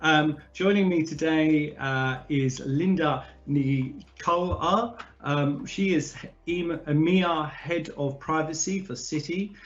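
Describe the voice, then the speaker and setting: A man hosting a discussion in a relaxed, chatty way, often pausing and restarting his sentences. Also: fairly high pitch, highs cut off. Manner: hesitant, many fillers and restarts. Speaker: podcast host. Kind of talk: casual conversational hosting.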